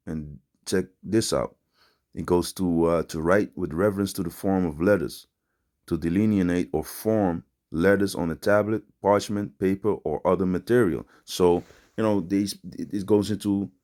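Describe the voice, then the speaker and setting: A man with a very low voice gives a loose, informal religious teaching. He talks in street slang, ends his phrases with "man", and rambles through fillers and restarts. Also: darkish tone. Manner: street-style slangy preaching, repeats "man". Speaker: preacher.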